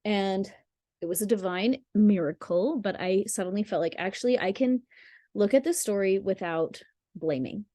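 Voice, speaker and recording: A woman coaching listeners through emotional healing and a guided visualization, in a casual, rambling way with restarts and soft laughs. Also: mid-range voice, moderate pace, no echo, studio quality. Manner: rambling, restarts and apologizes for digressions.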